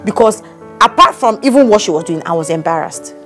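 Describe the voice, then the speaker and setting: A woman, co-hosting a casual chat and telling a story with lively acted-out quotes. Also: mid-range voice, a little fast, faint music behind. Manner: animated storytelling, acts out quotes. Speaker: podcast co-host.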